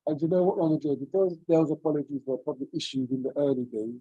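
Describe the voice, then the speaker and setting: A man's voice: on the high side, quick pace, warm tone, dry recording, lo-fi sound. A man on a video call, sharing a personal story in an earnest, searching, rambling way. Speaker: webinar participant.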